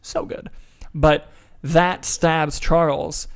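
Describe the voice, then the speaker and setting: Young male podcast co-host, excitable and emotional, fairly high voice. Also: drawn-out words, creaky. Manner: excitable, swearing, emotional swings in pitch. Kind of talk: casual chat.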